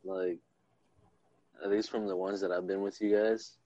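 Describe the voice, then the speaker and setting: A man co-hosting a casual podcast, relaxed and rambling, laughing often. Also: low-pitched, normal speed, dry recording. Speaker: podcast co-host. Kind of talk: casual chat. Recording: dull, slightly lo-fi sound.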